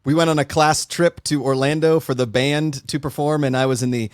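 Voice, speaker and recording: A man from Pennsylvania co-hosting a casual sports chat show, jokey and quick to laugh. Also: on the high side, fairly even intonation, clear, resonant tone, no echo, clean studio sound. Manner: jokey, playful, laughs often. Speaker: co-host.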